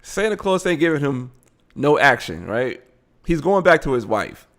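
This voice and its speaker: A man's voice: medium pitch, moderate pace. A man hosting a live show, giving blunt, casual commentary on a video he is watching. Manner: animated, blunt, frequent laughing asides.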